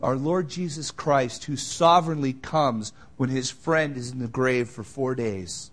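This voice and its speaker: A man preaching a sermon, moving between loud emphatic lines and quiet, tender asides. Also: mid-range voice, a little slow. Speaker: pastor.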